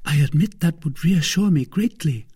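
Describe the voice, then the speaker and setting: A man voicing an anxious, earnest young woman who questions eagerly in a raised, breathy tone. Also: on the high side, animated, normal speed, warm tone, voice pushed up. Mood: pleading.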